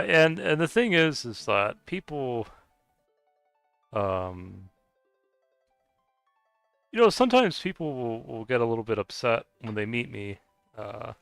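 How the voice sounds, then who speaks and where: A man's voice: fairly low pitch, vocal fry, a bit bright, no echo. An American man with a Scottish-sounding accent, chatting casually and rambling hesitantly while streaming a game, laughing often. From United States. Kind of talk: casual chat while gaming.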